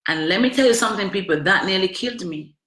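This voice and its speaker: A woman's voice: mid-range voice, expressive, quick pace, fairly bright tone. A woman telling her own story to camera in an emphatic, repetitive, chatty way. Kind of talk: emotional personal testimony to camera. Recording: echoey room.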